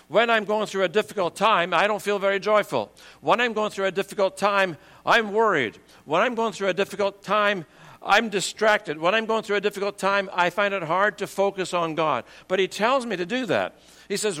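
Man with a cold, sermon, high-pitched, long echo of a hall, slows down for scripture. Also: fairly bright tone. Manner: conversational preaching, slows to read scripture. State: has a cold. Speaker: pastor.

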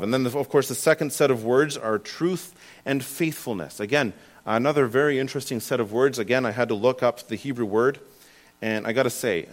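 A young man giving an informal Bible teaching, earnest and self-deprecating, with frequent restarts and filler words. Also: medium pitch. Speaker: preacher.

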